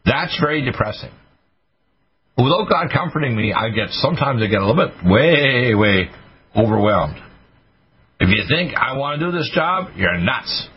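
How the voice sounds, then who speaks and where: A male radio talk host rants in a grandiose, emphatic monologue. His pitch sits in an ordinary middle range. The sound is muffled and lo-fi, like a dull broadcast recording. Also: animated, normal speed, slight background noise.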